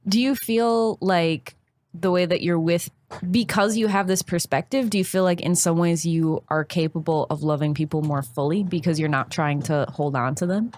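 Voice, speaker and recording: A woman's voice: fairly low pitch, moderate pace, a little mellow. A woman hosting a podcast, asking thoughtful, probing questions in a casual interview. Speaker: podcast host.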